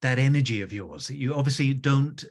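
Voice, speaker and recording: A man's voice: medium pitch, moderate pace. A man interviewing a guest, prompting him with encouraging questions.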